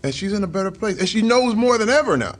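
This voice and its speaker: A man's voice: high-pitched, big pitch swings, fast, soft background music. A middle-aged man, a guest in an interview, talking over a meal in an earnest, reflective way and chuckling now and then. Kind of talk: casual conversation over a meal.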